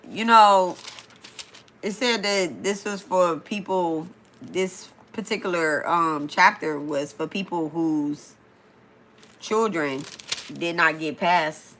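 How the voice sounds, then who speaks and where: A woman's voice: deep voice, fairly bright tone, slight background noise. A woman from Detroit with a Detroit accent, talking blunt and profane in a casual live stream as a spiritual reader, reading and answering comments. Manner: reads comments aloud and answers them.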